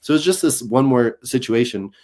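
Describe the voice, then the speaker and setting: A man's voice: mid-range voice, moderate pace. A man, a comedian guest on an interview show, telling stories in casual chat and acting out the voices of people he quotes. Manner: animated, acts out quoted voices.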